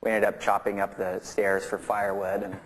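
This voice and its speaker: A man's voice: lowish voice, completely flat delivery, fairly quick. A man who plays in a touring rock band, telling a rambling anecdote in an interview, laughing often and acting out the voices of the people in his story. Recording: interview clips with clear background noise.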